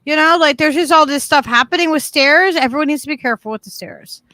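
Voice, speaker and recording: Bright, dry-sounding woman, playful. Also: high-pitched, fast, no echo. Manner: playful, giggly, storytelling. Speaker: podcast co-host. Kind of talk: casual chat.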